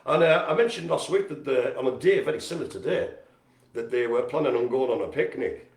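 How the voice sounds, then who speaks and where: A man hosting a community centre's live stream, giving casual, jokey shout-outs and poking fun at himself. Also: mid-range voice, quick pace. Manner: chatty, jokey and self-mocking. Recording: roomy echo.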